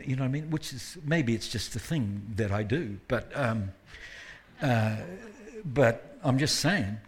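Preaching as a guest at a church service, this man has a husky, faintly breathy voice, pitched in the middle with a fairly bright tone. His delivery feels like conversation, sprinkled with jokes at his own expense, and he gets louder to emphasize key points.

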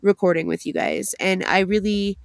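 A young woman co-hosting a podcast in casual chat, swearing freely and talking in a chatty, animated way. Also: mid-range voice, moderate pace, gravelly, dry recording. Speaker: podcast co-host.

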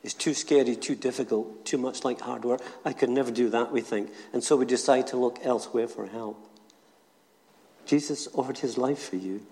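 An older man, a retired minister, telling a humorous story and then preaching gently at a church service. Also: mid-range voice, moderate pace. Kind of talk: short talk at a church service. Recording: long church reverb.

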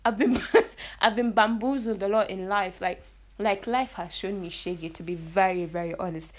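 A woman's voice: mid-range voice, measured pace, fairly bright tone. A young woman hosts a casual solo podcast, chatty and blunt, restarting her sentences often. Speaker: podcast host.

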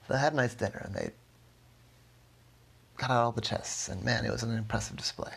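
A man telling a bedtime story in a soft, slow, rambling way, correcting himself as he goes. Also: mid-range voice, creaky, breathy edge.

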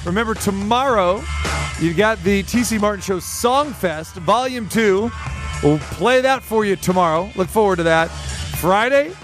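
A man's voice: high voice, animated, a little slow, over music. A man hosting a sports talk radio show, upbeat and chummy with his guests.

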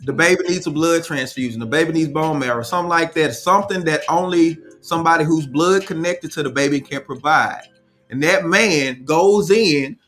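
A man's voice: on the high side, moderate pace, fairly bright tone, faint music behind. A man hosting a casual live chat, reading viewer comments aloud and giving firm opinions.

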